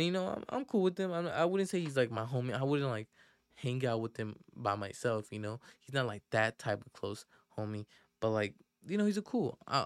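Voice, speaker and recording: A man's voice: mid-range voice, smooth, no echo, clean studio sound. A young man hosting a podcast, telling a story casually in slang with lots of fillers and restarts. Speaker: podcast host.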